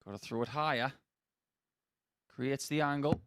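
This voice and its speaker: A man doing live darts commentary, measured and analytical with a dry sense of humour. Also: medium pitch, steady tone, noisy background.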